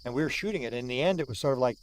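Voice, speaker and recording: A man's voice: mid-range voice, lively intonation, rapid-fire, slight background noise. A man in his sixties from Canada, an older UFO researcher telling a story outdoors, repeating words for emphasis and acting out what people said. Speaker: UFO researcher recounting a sighting. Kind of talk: animated storytelling. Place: outdoors at the sighting site.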